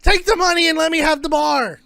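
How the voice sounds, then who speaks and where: A man playing a stumpy, frumpy tavern owner, rough-voiced and pushy, high and loud. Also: fairly even intonation, brisk, dry recording, clean studio sound, heavily acted. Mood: panicked. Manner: loud, insistent, high and strained. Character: short stumpy frumpy male bar owner, pushy and whiny. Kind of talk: tabletop role-play.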